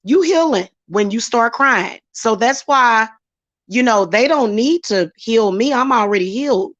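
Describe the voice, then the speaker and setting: A woman's voice: a little high, animated, unhurried, a bit bright, no room sound. Blunt woman, dull lo-fi sound. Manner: blunt, emphatic, slips into acted quotes. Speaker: spiritual reader and channel host. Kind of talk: casual chat to camera.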